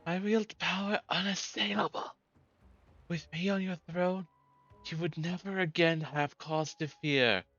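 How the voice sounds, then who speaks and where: A man's voice: high voice, unhurried, fairly bright tone, dry recording, lo-fi sound, soft background music, voice pushed up. A man playing a pompous, vain would-be king. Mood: grandiose. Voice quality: grandiose, self-important delivery. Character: pompous vain male would-be ruler, hero-turned-tyrant. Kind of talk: reading game dialogue aloud.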